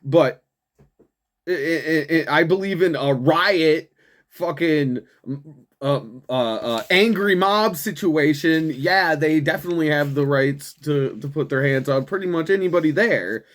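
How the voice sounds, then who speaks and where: A man's voice: on the high side, a little slow, a bit bright. A young man hosting a show, ranting profanely through political commentary with frequent laughs and mockery. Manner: profane, laughs often, mocking. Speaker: show host.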